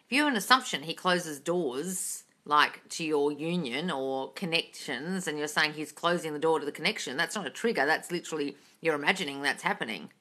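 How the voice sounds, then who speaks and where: A woman's voice: low voice, normal speed, hardly any pauses, sharp tone. A woman manifesting coach on a casual live stream, reading chat questions aloud and answering bluntly with a lot of swearing, with a slight British intonation.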